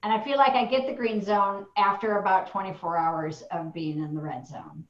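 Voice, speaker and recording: Woman participant, self-deprecating, halting speech, echoey dull call recording. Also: fairly low pitch. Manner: candid, rambling, self-deprecating, with many fillers. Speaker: training participant and parent. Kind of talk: candid sharing in a group call.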